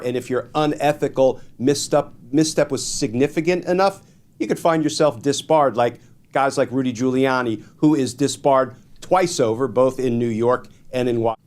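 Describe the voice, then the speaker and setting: A man giving measured, explanatory legal commentary as a guest on a political talk show, stressing key points. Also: mid-range voice, darkish tone.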